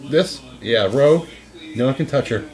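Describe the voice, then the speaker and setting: A man in casual chat as a co-host, talking in a rambling, halting way with frequent restarts. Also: medium pitch, darkish tone.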